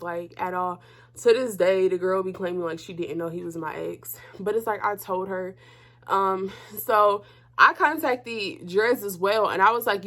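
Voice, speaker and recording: Blunt young woman telling a story. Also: mid-range voice. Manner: blunt, profane, talks straight to viewers; animated, voice jumps up when heated. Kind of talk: casual storytime chat.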